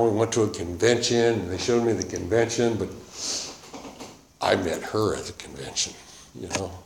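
A man's voice: fairly low pitch, vocal fry. A man giving a personal testimony in a loose, conversational way, circling back with "you know" and "man". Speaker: speaker sharing his recovery story. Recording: roomy echo with faint noise.

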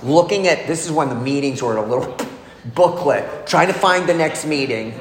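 A middle-aged man speaks at a meeting, telling his recovery story in a candid, confessional personal testimony. His voice is fairly high-pitched at a moderate pace, recorded in an echoey hall with faint noise.

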